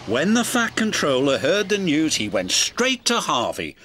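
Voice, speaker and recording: A man's voice: a little high, measured pace, slight background noise. A man narrating a children's story in a scripted, storytelling way. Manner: warm storybook telling, lively and expressive. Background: background music.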